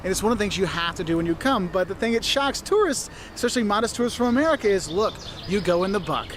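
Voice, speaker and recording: A man's voice: high-pitched, expressive, fast talker, fairly bright tone. A man hosting a travel video outdoors in a city, talking in a chatty, emphatic way. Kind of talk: travel vlog presenting. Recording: street traffic noise behind.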